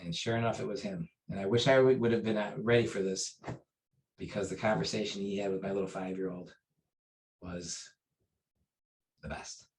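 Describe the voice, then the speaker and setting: A man's voice: fairly even intonation, normal speed, pauses often, low-quality recording. A man, a martial arts instructor, telling a personal story in a casual interview. He rambles, with fillers and restarts. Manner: acts out quoted dialogue with raised pitch and volume.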